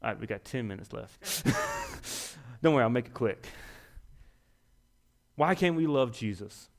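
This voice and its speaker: A man's voice: mid-range voice, expressive, unhurried. A young man preaching a sermon in a folksy, self-deprecating way, rising to emphatic peaks.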